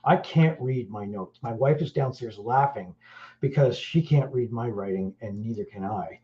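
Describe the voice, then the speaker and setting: A Welsh podcast host in middle age speaks at normal speed with a warm, medium-pitched voice. He rambles bluntly and crudely in casual conversation with many fillers, recorded with roomy, dull lo-fi sound.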